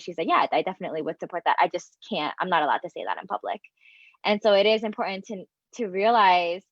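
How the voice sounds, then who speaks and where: A woman speaking as an environmental activist in a casual panel discussion, earnest and steady. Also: medium pitch, no room sound. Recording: dry, dull lo-fi audio.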